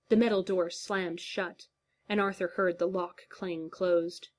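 A woman reading a fan fiction story aloud in a steady, measured narration. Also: fairly low pitch. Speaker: story reader.

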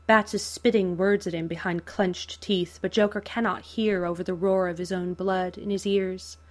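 A woman narrating fan fiction aloud in a slow, measured, even way. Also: on the low side.

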